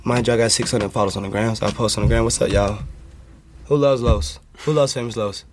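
A man telling a story in casual chat, animated and acting out the voices of the people in it. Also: lowish voice, fast talker, slight background noise. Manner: animated, acts out quoted voices. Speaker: guest.

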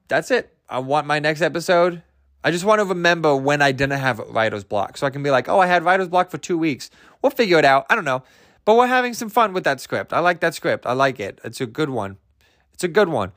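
Young guy rambling on his own podcast, goofy, voice bouncing all over the place, kinda high. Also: a bit bright, no room sound, studio quality. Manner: goofy, self-amused, rambling, laughs at own jokes. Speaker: podcast host.

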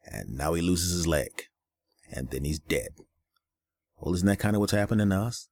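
A man's voice: low-pitched, expressive, normal speed, a little mellow, dry recording. A man hosting a solo podcast, ranting in a weary, angry way, with a lot of profanity and repetition. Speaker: podcast host.

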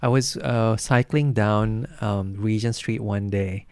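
A man delivers a sermon in an easygoing, storytelling manner, full of fillers and restarts. His voice sits on the low side. The recording is dry and close, with no room echo. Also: fairly even intonation, slow pace, darkish tone, clear, resonant tone. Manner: conversational, anecdotal preaching with many fillers. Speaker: preacher.

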